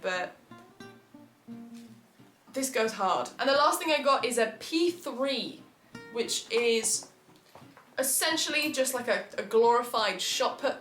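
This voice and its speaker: In an echoey home room during a workout, a woman in her 20s pants her way through chatty vlog commentary. Her fairly high, fairly bright voice comes with frequent laughs as she pokes fun at herself.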